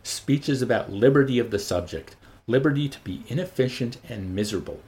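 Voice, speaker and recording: A man narrating an audiobook in an expressive, measured reading. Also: mid-range voice, a little hiss or hum. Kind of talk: scripted narration.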